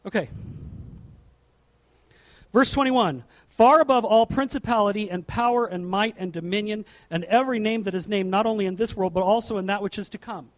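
Middle-aged preacher guy, high voice, lively sermon with lots of questions to the crowd. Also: moderate pace. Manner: animated preaching with rhetorical questions to the congregation. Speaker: pastor. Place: church platform before a congregation.

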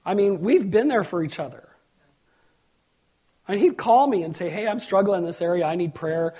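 A man's voice: high-pitched, moderate pace, warm tone, slightly rough. A middle-aged man preaching a sermon as pastor, telling personal stories and acting out the voices in them, building to emphatic peaks. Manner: storytelling preacher, acts out quotes, rises to emphatic peaks.

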